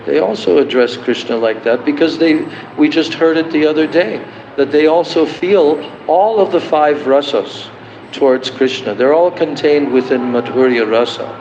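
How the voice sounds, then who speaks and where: Man, spiritual teacher, slow devotional lecture, fairly high voice, roomy dull livestream sound. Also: a little mellow, a little hiss or hum. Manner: slow and deliberate, chanting verses. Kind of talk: devotional lecture explaining song verses.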